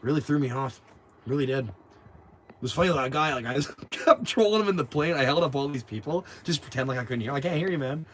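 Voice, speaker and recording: A young man, rambling through stories on a livestream and loudly acting out what people said, swearing freely. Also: mid-range voice, animated, brisk, slight background noise. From Canada. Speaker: livestream host. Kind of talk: casual livestream chat.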